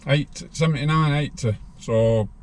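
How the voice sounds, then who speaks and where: A man's voice: mid-range voice, measured pace, a little hiss or hum. A man in his sixties, a podcast guest telling a rambling story from his own life in a plain-spoken way.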